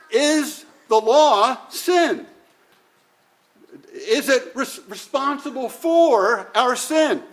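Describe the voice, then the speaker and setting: A man preaching a sermon in a measured, deliberate way, with frequent "uh" pauses. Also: very high-pitched, a bit bright. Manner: measured, deliberate, with many "uh" fillers.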